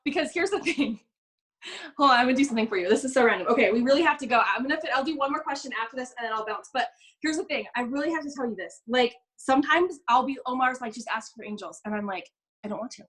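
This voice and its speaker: A young woman coaching a live online group, telling stories in an animated way and acting out the people she quotes. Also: sits high, low-quality recording. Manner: fast, bubbly, animated storytelling with quoted voices. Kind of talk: live business coaching session.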